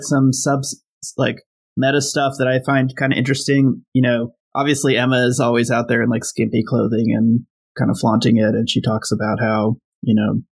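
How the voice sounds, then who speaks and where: A man's voice: mid-range voice, gravelly, husky, rough recording. A man co-hosting a podcast, casually recapping comic book plots with lots of fillers and paraphrased dialogue. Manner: recaps plot with many fillers and quoted paraphrase. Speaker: podcast co-host.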